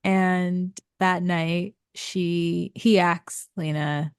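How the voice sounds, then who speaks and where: A woman's voice: on the low side, fairly even intonation, clean tone, dry recording, studio quality. A woman co-hosting a casual book podcast, summarizing plot points with frequent fillers. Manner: conversational, frequent fillers and quick agreement. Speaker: podcast co-host. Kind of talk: casual book recap chat.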